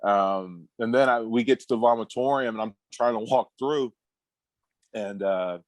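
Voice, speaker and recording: A man in his thirties, a podcast guest and former pro basketball player, telling stories in a relaxed, halting way with frequent laughs. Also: fairly low pitch, dry recording. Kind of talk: casual storytelling on a podcast.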